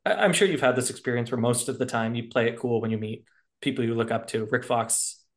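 A man's voice: medium pitch, fast talker. A man hosting a podcast, asking loose, jokey questions in casual interview chat. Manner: jokey, loose, with fillers and laughs. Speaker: podcast host.

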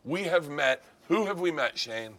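A man hosting a casual cooking chat, excitable and swearing freely while he makes drinks and breakfast. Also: on the high side, measured pace. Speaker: host. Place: indoor kitchen set at an arena.

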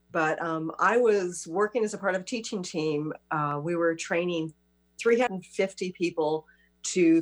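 Woman talk-show host, lower pitch, easy chat, lots of affirming. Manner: warm listener, frequent affirmations. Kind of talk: casual interview chat.

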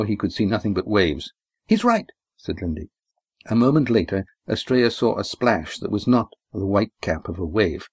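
Male audiobook narrator, low and measured, dry recording. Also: dry recording. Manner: steady, measured storytelling. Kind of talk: scripted narration.

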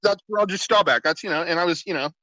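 A male co-host chats with eager enthusiasm. His voice is bright and a little high. The room sound is dry. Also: quick pace, dry recording, low-quality recording. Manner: enthusiastic, chimes in with reactions. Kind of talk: casual chat.

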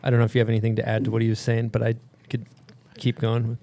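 A male podcast host talks in a brisk, matter-of-fact way. His pitch stays flat and even as he sorts out quick notes. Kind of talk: casual chat and production notes.

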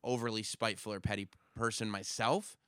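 A man's voice: lowish voice, fairly even intonation, fairly bright tone, smooth, dry recording. A man guesting on a casual podcast, chatty and wry, talking into a studio microphone. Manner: chatty, quick-witted and wry.

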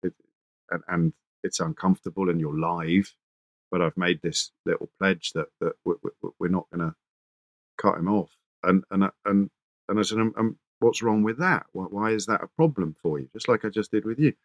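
A man's voice: deep voice, normal speed, dry recording, highs cut off. A man who works as a radio presenter, telling anecdotes as an interview guest, fluent but full of restarts and acted quotes.

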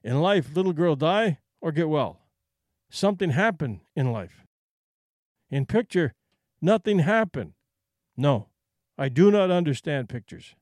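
A man's voice: a little high, sing-song, unhurried, pauses often, a little mellow, no room sound. A man voicing a grave, plain-spoken male wilderness guide who talks in terse, simple, broken phrases, in a dry recording. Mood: grave puzzlement.

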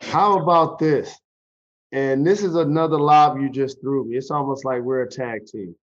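A man's voice: medium pitch, muffled recording. A man hosting a podcast interview, asking questions and speaking earnestly about his own losses. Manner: slow, deliberate, earnest. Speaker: podcast host, former pro athlete. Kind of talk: interview questions and personal reflection.

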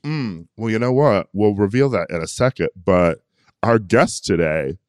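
A man's voice: fairly low pitch, expressive, normal speed, darkish tone, smooth, dry recording, studio quality. A man co-hosting a casual pop culture podcast, playful and gossipy, often laughing. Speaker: podcast co-host.

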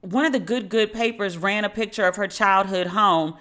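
A woman hosting a solo podcast commentary speaks at normal speed in a mid-range, fairly bright voice. She tells her story with sardonic mockery, slipping into quoted voices along the way.

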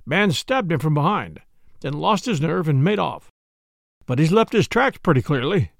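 Brisk country inspector, clipped and firm, as a male reader plays him; gravelly, lively delivery for an audiobook mystery. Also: fairly high pitch, dry recording, clean studio sound. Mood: brisk, probing. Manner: brisk and clipped, sharp questions. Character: brisk, businesslike male village police inspector.

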